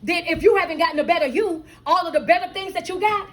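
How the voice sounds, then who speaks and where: A woman motivational speaker preaches to a live audience in a very high voice. She works call-and-response, rattling off imagined excuses before landing each point. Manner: call-and-response delivery, acts out excuses in quick bursts. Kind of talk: preaching-style motivational talk. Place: live event room with audience.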